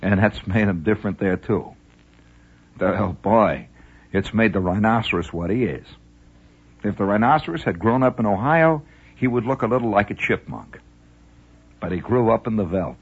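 A man's voice: lowish voice, lively intonation, normal speed, pauses often, slightly rough, lo-fi sound. A man from the Midwest telling a rambling, folksy radio monologue with mock-grand asides. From American Midwest, Indiana.

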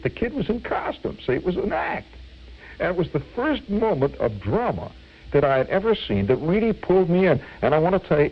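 Older male radio storyteller, husky, lively rising and falling delivery. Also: a little high, dull audio. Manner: vivid, animated recollection.

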